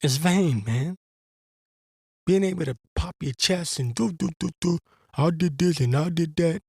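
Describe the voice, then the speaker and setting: A man's voice: on the high side, a little slow, warm tone, breathy edge, no echo, studio quality. A man giving a blunt, profane religious monologue as host, in an exasperated and crude manner. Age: adult veteran.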